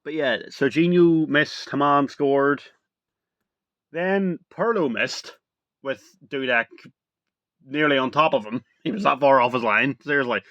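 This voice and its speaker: A young man talking casually to camera as a video reviewer, rambling and excitable, full of "like" and "literally". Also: mid-range voice, a little slow, dry recording, dull audio.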